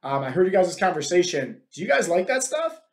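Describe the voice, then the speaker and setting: A man's voice: sits high, big pitch swings, fairly quick, a little mellow, roomy sound. A man voicing a polite middle-aged school dean who casually asks two students a question. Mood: curious.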